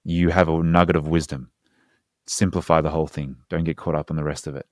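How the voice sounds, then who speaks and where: A man's voice: very deep voice, flat delivery, a little fast, dry recording, studio quality. A man speaking as a hypnotherapist guest in a casual podcast conversation, earnest and explanatory with slangy asides.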